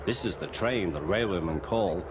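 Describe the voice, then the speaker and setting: Expressive man narrating a storybook. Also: deep voice, very noisy. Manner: measured, expressive reading.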